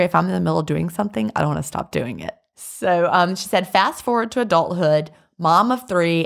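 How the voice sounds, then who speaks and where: A woman co-hosting a casual podcast, chatty and quick to laugh as she reads listener letters aloud. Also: lowish voice, vocal fry. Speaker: podcast co-host.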